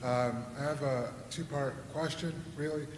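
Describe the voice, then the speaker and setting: A man's voice: mid-range voice, steady tone, a little slow, background noise. A man in the audience asking a two-part question at a conference, hesitant and full of ums. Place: conference hall. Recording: echoey hall with crowd.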